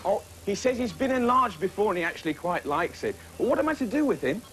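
A young man presenting a children's puppet show, talking in an animated, playful, exclaiming way. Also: high-pitched, quick pace, a little hiss or hum, low-quality recording.

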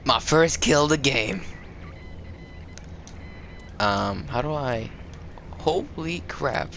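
A man giving rambling, excitable live commentary over his own gameplay, swearing and laughing as he goes. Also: medium pitch, slow, vocal fry, a little hiss or hum. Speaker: gaming video creator.

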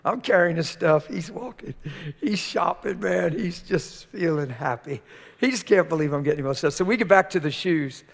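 An older man preaching a sermon, telling a story in a colloquial, animated way and acting out the dialogue. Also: high-pitched, moderate pace, gravelly, in a large hall. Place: church sanctuary.

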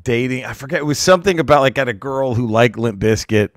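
A man's voice: fast, no room sound. A man co-hosting a podcast, telling a comedy road story in a loose, casual way. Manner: animated, laughing storyteller who breaks into squeaky laughter.

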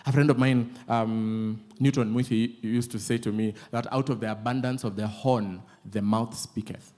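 A man with a Kenyan accent preaching a sermon, telling lively, playful stories and switching often between English and Swahili. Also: mid-range voice, normal speed. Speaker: pastor.

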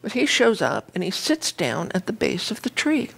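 Woman minister, sermon, storytelling, conversational, medium pitch. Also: wildly swooping pitch, moderate pace, gravelly, a bit bright, a little hiss or hum.

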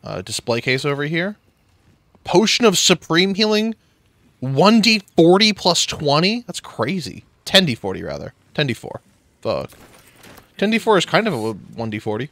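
A man's voice: on the high side, very animated, moderate pace, fairly bright tone, no room sound. Jokey man chatting while gaming. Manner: jokey, rambling, reads in-game text aloud. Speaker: gamer playing a video game. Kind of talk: casual gameplay chat.

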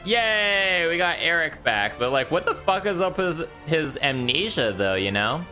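A man commentating his own game playthrough in a slow, unhurried way, crude and sarcastic, swearing as he reacts. His voice is bright and lively, with faint game music behind him. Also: a little high. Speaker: let's play host.

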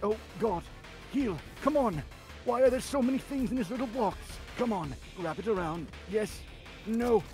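A man's voice: sits high, expressive, normal speed, darkish tone. A man voicing a fretful old alien god who panics and teases during video game play. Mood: panicked. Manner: panicky and teasing. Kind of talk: voice acting over gameplay. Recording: music playing behind.

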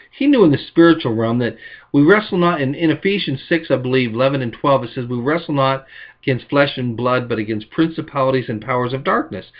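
A man preaching a sermon as pastor, telling stories and acting out quotes with lively emphasis. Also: medium pitch, highs cut off.

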